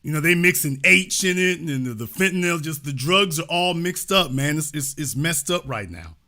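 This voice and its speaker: A man's voice: fairly high pitch, expressive, normal speed, bright, forceful tone. A man hosting a live call-in talk show, talking casually and repeating his points. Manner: casual, repetitive, restates lines.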